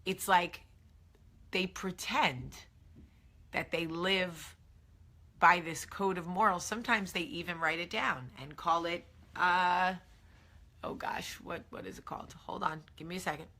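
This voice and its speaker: A woman in her thirties talks casually to camera as a morning show host. Her voice is bright and a little low-pitched. She speaks slowly, with plenty of fillers and emphatic asides. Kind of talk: casual morning vlog chat.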